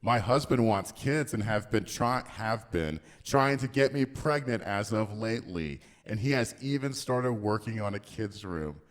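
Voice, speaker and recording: A man voicing a distressed woman's written confession in a slow, deep, put-on reading voice, as a comic dramatic reading. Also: expressive. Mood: mock-solemn. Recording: reverberant basement studio.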